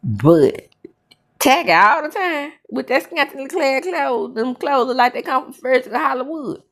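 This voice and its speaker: Slow-talking sassy woman recapping reality TV. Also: very animated, fairly bright tone. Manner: sassy, blunt, drawling with sudden high exclamations. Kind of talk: casual reality show recap commentary.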